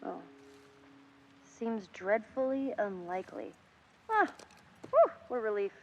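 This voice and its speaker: A woman's voice: a little high, big pitch swings, slow pace, soft background music, exaggerated voice. Women voicing wisecracking teenage girls in a video game's dialogue, trading playful, teasing banter.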